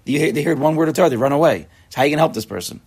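Husky fast-talking rabbi teaching a class. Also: male voice, on the high side. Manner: quick, animated, chatty with students. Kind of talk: informal Torah class.

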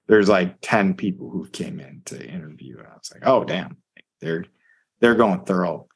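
A man's voice: sits low, expressive, moderate pace, creaky, husky. A man co-hosting a sports podcast in casual chat, rambling and full of filler words. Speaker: podcast co-host.

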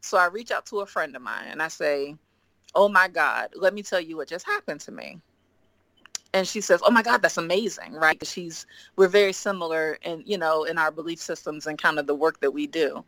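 Guest, woman, forties, low-ish voice, animated storyteller who acts out dialogue, dry close sound. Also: moderate pace, dry recording. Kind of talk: casual storytelling.

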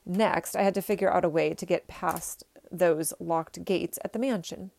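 Gravelly woman reading a story aloud. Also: lowish voice, normal speed. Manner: expressive first-person storytelling. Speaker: reader.

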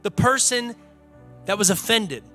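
A young adult man with a high, sharp voice preaches at a measured pace in a church sanctuary, faint music playing behind him. As pastor, he delivers an earnest, conversational sermon that builds to emphatic peaks.

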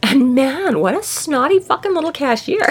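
A woman's voice: sits high, sing-song, normal speed. A woman hosting a podcast in casual book-discussion chat. She rambles with many fillers and restarts, swears freely, and acts out the characters' lines. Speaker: podcast host.

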